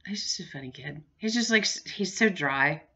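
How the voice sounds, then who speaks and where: A woman's voice: on the low side, lively intonation, normal speed, pushed and bright. Chatty middle-aged woman, muffled home video. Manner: rambling, chatty, laughs often. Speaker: vlogger. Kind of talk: casual home vlog chat.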